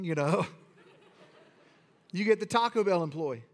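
A pastor, this man preaches with a high voice that climbs as his fervor builds, mixing scripture with easygoing asides. His sermon rings out with a long reverb from the church sanctuary. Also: expressive, measured pace.

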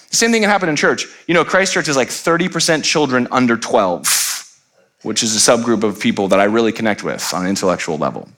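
A pastor in his late thirties preaches to his congregation, mixing comic family stories with his message. His voice sits at an ordinary middle pitch, and he often tosses jokes and asides to the room. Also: animated, brisk, fairly bright tone. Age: 30s. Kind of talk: humorous sermon. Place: church sanctuary.

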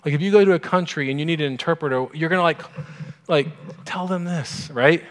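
A man's voice: on the high side, a little fast. A male pastor giving a conversational sermon, informal and asking the congregation questions. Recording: long hall reverb.

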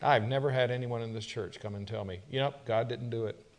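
A man's voice: steady tone, fairly quick. Emphatic male pastor preaching. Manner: emphatic preaching with rhetorical questions, swells louder then drops low. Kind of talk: sermon.

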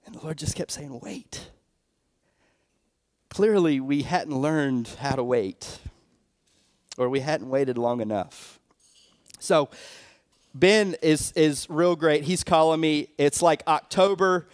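A man's voice: on the high side, slow pace. A young adult man, a pastor, telling his own story in a sermon, in a loose conversational way full of fillers and restarts. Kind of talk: sermon testimony.

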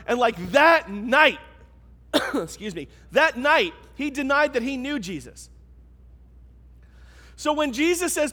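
High-voiced man preaching in a reverberant hall. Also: lively intonation, measured pace, fairly bright tone. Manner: conversational, emphatic preaching. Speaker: pastor. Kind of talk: sermon. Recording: long reverb of a large hall.

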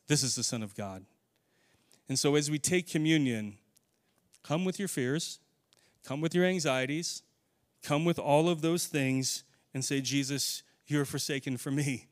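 A man preaching a sermon in a church, earnest, slowing and softening into prayer. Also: on the high side. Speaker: pastor.

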